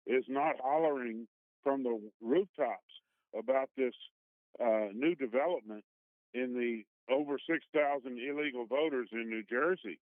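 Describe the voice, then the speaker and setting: A man calling in to a radio talk show, speaking haltingly over the telephone. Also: medium pitch, dry recording. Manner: halting, with many fillers and restarts. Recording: tinny phone line.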